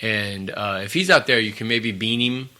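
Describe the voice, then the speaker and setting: Man, podcast co-host, casual chat, rambling, laughs a lot, very bright voice. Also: fairly low pitch, normal speed. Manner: rambling storyteller, laughs often.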